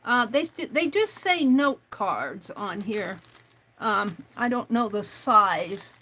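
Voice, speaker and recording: A woman's voice: mid-range voice, big pitch swings, slow pace, bright, forceful tone, poor audio. A woman hosting a crafting livestream in casual chat, thinking aloud and reading out chat messages as she works.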